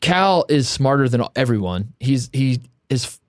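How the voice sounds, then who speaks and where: Animated man co-hosting a sports podcast. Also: medium pitch, unhurried, no room sound, studio quality. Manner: animated, storytelling, laughs often. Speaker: podcast co-host. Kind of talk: casual sports podcast chat.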